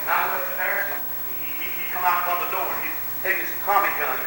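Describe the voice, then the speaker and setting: Man preaching, high piercing voice, shouted outbursts, echoey church tape. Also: steady tone, fast, noisy background. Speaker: pastor. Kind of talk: sermon.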